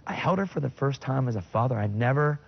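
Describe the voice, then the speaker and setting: With quick pacing, vocal fry, and plenty of expression, a middle-aged man recounts his personal faith testimony as a guest in conversation. He speaks with heartfelt earnestness, his voice spiking high when he quotes himself, all on lo-fi sound.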